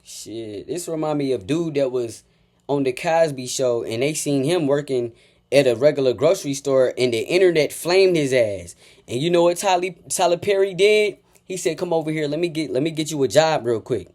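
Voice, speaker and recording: A man giving a heated, profane reaction rant, taunting and repeating insults, swinging from low mutters to loud outbursts. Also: animated, normal speed. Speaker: reaction commentator.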